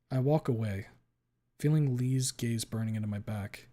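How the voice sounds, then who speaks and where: A man streaming a first-person story reading, dramatic and expressive, with sudden loud outbursts. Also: mid-range voice, moderate pace.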